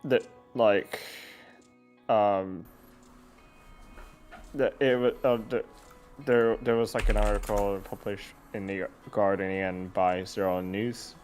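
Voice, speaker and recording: Halting man with a low voice. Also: steady tone, a little mellow, soft background music. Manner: halting, many fillers and restarts. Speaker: podcast panelist. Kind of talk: casual discussion.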